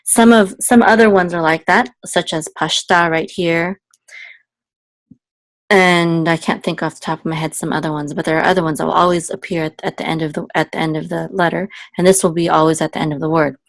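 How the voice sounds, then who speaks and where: A woman's voice: fairly even intonation, vocal fry, dry recording. Patient woman tutoring in a dry room. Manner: patient, explains step by step, often checks with "okay?"; sings syllables higher and slower as examples. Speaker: Hebrew cantillation teacher. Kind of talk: casual one-on-one tutoring.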